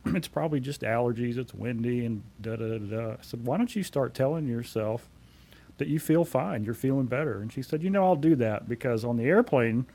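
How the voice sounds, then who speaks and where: A man in his forties, a company CEO, being interviewed and telling anecdotes in a relaxed way with frequent fillers. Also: mid-range voice, moderate pace, creaky, slightly rough. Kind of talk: conversational storytelling.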